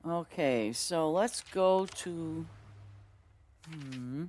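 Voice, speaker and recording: A woman streamer chatting through a farming game, excitable and chatty, exclaiming often and talking to her viewers. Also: low voice, slow. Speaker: gaming streamer. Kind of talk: casual gameplay commentary.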